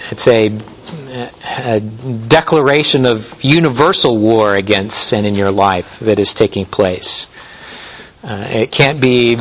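A male pastor preaching a sermon, teaching in a measured way with frequent small restarts and fillers. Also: medium pitch, a bit bright, a little hiss or hum, rough recording.

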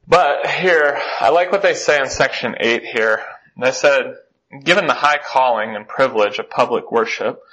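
Man leading a church class lesson, bright tone, reads quotes then comments. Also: medium pitch, muffled recording. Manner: reads quotations aloud with many fillers.

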